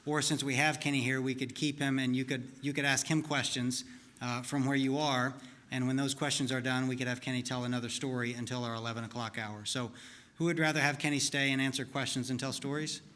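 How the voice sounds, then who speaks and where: A man leading a congregation gathering, making relaxed joking announcements. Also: medium pitch, a little fast. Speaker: service leader. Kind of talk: casual announcements. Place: congregation hall. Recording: noisy room ambience.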